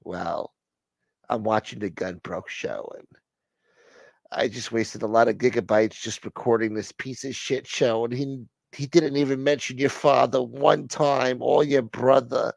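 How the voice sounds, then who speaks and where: A man's voice: medium pitch, fairly even intonation, a little slow, vocal fry, dry recording, voice pushed up. A man voicing an adoring married woman fan who gushes and fawns. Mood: complaining.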